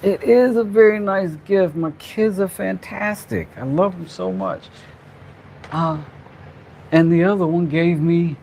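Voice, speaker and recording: A man's voice: fairly high pitch, creaky, a little mellow, slight background noise. A man hosting a casual workshop vlog, rambling playfully with jokey asides as he works. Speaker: craft channel host, father.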